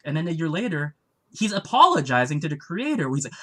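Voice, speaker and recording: A man co-hosting a casual stream chat, animated and acting out the people he quotes. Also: a little high, quick pace. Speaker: comic creator and stream co-host.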